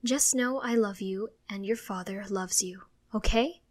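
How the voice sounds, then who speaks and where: A woman's voice: mid-range voice, unhurried, lightly acted. A woman voicing a loving, emotional mother who speaks in a tender, tearful way.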